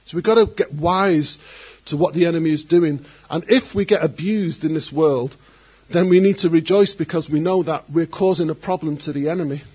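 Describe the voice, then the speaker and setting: Husky man preaching an animated sermon. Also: fairly high pitch, normal speed, hardly any pauses. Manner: animated, acts out quoted voices, joking asides. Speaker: pastor.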